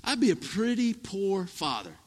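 Animated preacher man in echoing hall. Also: high voice, normal speed. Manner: storytelling, animated, rising to emphatic peaks. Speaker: pastor. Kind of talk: sermon. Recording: echoey hall reverb.

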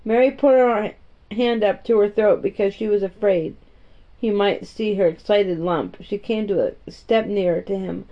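A woman narrating a storybook in a gentle, even-paced reading voice. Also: mid-range voice, normal speed. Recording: dull, muffled audio.

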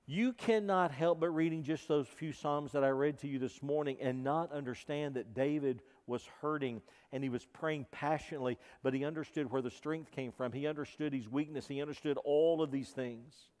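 Male pastor, sermon delivery, fervent then hushed, slightly high voice, long reverb of a sanctuary. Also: moderate pace, hardly any pauses. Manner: impassioned, swinging from loud emphasis to quiet intensity. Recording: reverberant hall.

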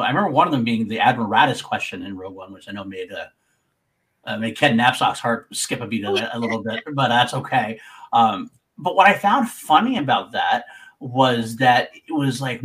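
A man's voice: medium pitch, a bit bright. Rambling man talking trivia recaps. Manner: rambling, repeats phrases while thinking. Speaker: co-host. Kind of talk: casual livestream commentary.

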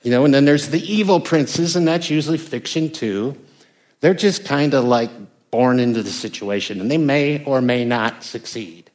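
Older man preaching a conversational sermon. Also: medium pitch. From United States. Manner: conversational, rising emphatic bursts. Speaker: pastor.

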